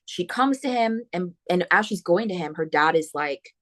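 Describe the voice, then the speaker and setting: A woman hosting a book podcast, retelling a horror novel's plot in a casual, animated way with slangy asides. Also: lowish voice, moderate pace. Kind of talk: casual spoiler book talk.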